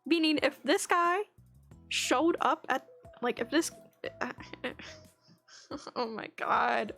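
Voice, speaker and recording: A woman's voice: high voice, very slow, vocal fry, pauses often, fairly bright tone, faint music behind. A woman streamer in casual chat, telling an angry story full of swearing and frequent laughs, on a streaming mic. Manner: laughs often between lines.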